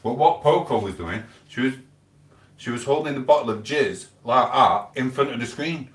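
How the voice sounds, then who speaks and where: On a live stream, a man rambles through stories, quoting conversations back and forth in a medium-pitched voice with lively intonation at a moderate pace. His voice sounds a bit distant from the mic in an echoey room.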